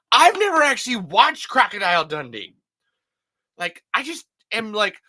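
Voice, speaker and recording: A man in his thirties hosting a casual livestream, rambling and self-deprecating, swearing freely and breaking into loud impressions. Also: high-pitched, no room sound. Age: 30s. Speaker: livestream host. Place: hot upstairs room.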